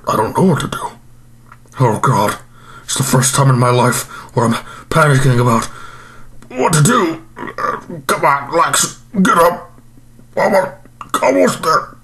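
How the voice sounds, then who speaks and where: A man's voice: mid-range voice, very animated, moderate pace, long pauses, fairly bright tone. A man playing an overstuffed, self-pitying male supervillain in an improvised comedy monologue, groaning and rambling about his regrets.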